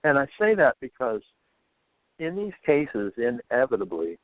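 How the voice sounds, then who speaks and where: A man's voice: mid-range voice, sing-song, unhurried, dry recording. A man speaking as a guest in a casual podcast interview, thoughtful, often stumbling and repeating words. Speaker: guest author on paranormal folklore. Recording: dry, phone-like line.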